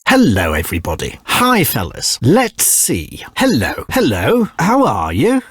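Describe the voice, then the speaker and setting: A man voicing an elderly customer in a video game, grumbling about the wait and then pleased with his food, with a husky voice. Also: medium pitch, huge pitch swings, unhurried, a bit bright, soft background music, heavily acted. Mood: impatient, pleased. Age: older. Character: impatient elderly male diner customer. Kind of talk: game voice clips.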